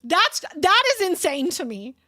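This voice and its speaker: A woman's voice: extremely high pitch, big pitch swings, a little slow, sharp tone, dry recording, studio quality. A young woman streamer in casual chat, rambling, swearing and restarting her sentences.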